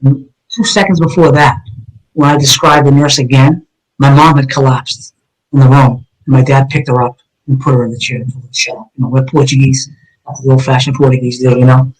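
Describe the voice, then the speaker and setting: A man's voice: medium pitch, level tone, a little fast, low-quality recording. Earnest middle-aged man telling his story. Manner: earnest, vivid storyteller who acts out dialogue. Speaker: retired police detective, guest. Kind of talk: personal story told in a live interview.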